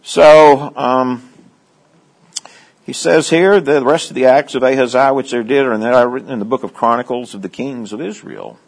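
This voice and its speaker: A man's voice: moderate pace, vocal fry, low-quality recording. A middle-aged man, a pastor, teaching verse by verse through a Bible passage with joking asides, his voice rising when he reads the quoted lines. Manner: animated, joking asides, rises in pitch when reading quotes.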